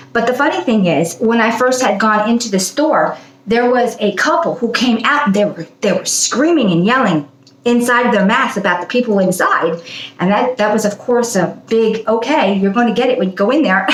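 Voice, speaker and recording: A woman's voice: on the high side, a bit bright, reverberant, poor audio. A woman hosting her own channel, talking in a casual spoken monologue, chatty and often breaking into laughs. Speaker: channel host.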